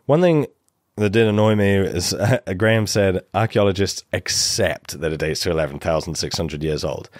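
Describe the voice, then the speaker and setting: Brief: deep, dry-sounding man, measured explainer with a critical edge. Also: dry recording. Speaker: archaeology commentator in a played clip. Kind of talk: casual explanatory commentary.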